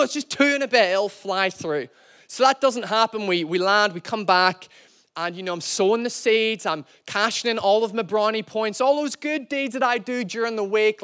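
Man, pastor, high voice, playful storytelling sermon, self-deprecating humor. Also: lively intonation, moderate pace, a bit bright, clean tone.

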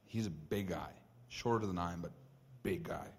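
South African male pastor, lowish voice, casual storyteller, reverb of a big church hall. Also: moderate pace, gravelly. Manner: casual, animated storytelling with frequent "like" and "right?". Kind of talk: storytelling sermon.

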